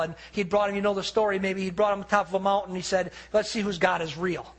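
Husky-voiced preacher man, high pitched. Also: fast talker, hardly any pauses. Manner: animated storytelling preacher, acting out quoted voices. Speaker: pastor. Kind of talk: sermon.

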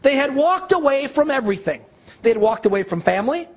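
A man preaching a sermon, telling a story with animated delivery and acting out the quoted dialogue. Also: extremely high pitch, brisk.

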